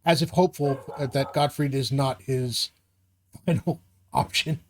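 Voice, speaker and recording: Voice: mid-range voice, steady tone, unhurried. Game master narrating with many ums. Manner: rambling narration with many fillers. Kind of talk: narrating a live tabletop game.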